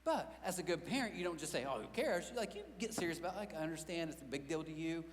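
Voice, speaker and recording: A man's voice: a little high, racing, big-room sound. A middle-aged man preaching a sermon as pastor, telling stories with self-mocking humor and acting out quotes. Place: large church auditorium.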